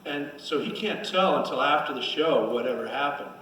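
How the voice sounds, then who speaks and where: A man's voice: fairly high pitch, lively intonation, normal speed, fairly bright tone. Rambling man telling stories in an echoey hall. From Connecticut, USA. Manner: rambling, self-mocking anecdotes with many restarts. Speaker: guest actor at a fan Q&A. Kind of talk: casual storytelling on stage. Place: convention hall stage. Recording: echoey hall, distant mic, faint noise.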